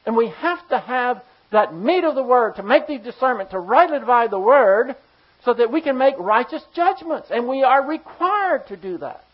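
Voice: mid-range voice, lively intonation, normal speed. A pastor giving a sermon to a congregation, emphatic and firing rhetorical questions at the listeners. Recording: slightly dull lo-fi sound.

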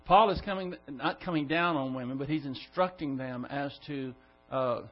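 A man's voice: medium pitch, moderate pace, dull audio. A man teaching a Bible study to a class, emphatic and full of rhetorical questions. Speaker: pastor.

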